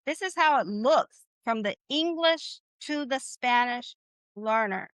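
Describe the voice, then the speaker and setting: A woman with a high, bright voice leads a live online Spanish class. She is upbeat and encouraging, drawing phrases out slowly for her students to repeat. Her sound is dry and close, as on a video call. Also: animated, no echo. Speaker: Spanish teacher.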